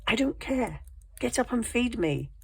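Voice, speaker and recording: A woman's voice: a little high, sing-song, unhurried, gravelly, darkish tone, slightly rough, pitched above the performer's own voice, exaggerated voice. A woman putting on the voice of a bossy male house cat that orders its human about. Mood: demanding.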